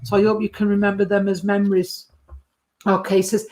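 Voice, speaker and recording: A woman's voice: medium pitch, little pitch movement, a little fast. A woman, giving a medium's reading from a photo and calling the sitter sweetheart and darling. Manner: warm endearments, calls the sitter sweetheart and darling.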